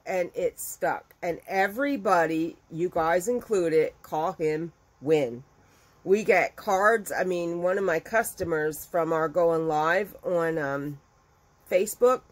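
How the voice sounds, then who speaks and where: Chatty and animated, a middle-aged crochet business owner recounts a story to her viewers and performs the quoted lines herself. She speaks with a fairly low pitch, and the recording is rough.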